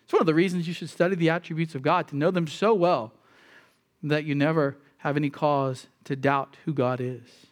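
A man's voice: fairly high pitch, steady tone, moderate pace. A man preaching a sermon with emphatic delivery and rhetorical questions. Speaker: pastor.

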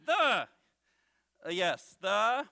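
A man's voice: high-pitched, sing-song, very slow, creaky, pushed and bright, heavily acted. A man voicing Bones, a squawky goofy pet bird. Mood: silly. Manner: silly, cheeky, misreads words. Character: goofy excitable male pet bird puppet. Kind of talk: ventriloquist puppet act for kids.

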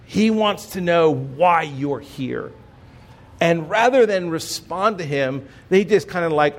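A man preaching a sermon as pastor, earnest and measured, dropping soft and low on key phrases. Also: expressive.

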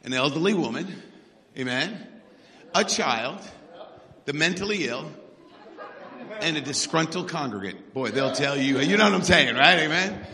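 A middle-aged man preaching a sermon with energetic call-and-response, in a church hall. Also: on the high side, unhurried, pauses often, crowd noise. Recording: echoey hall.

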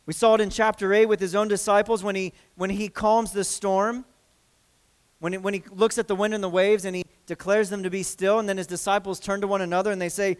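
A man delivering an earnest sermon from the pulpit in a notably high voice. His tone is smooth and clear, and he often restarts his phrases as he works through the scripture. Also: level tone, brisk. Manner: earnest preaching with frequent restarts and acted quotes. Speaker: pastor.

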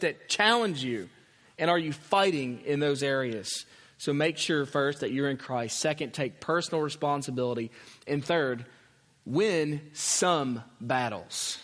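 A man's voice: high-pitched, a bit bright. A man preaching a sermon as pastor, earnest and emphatic, repeating his key phrases. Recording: long hall reverb.

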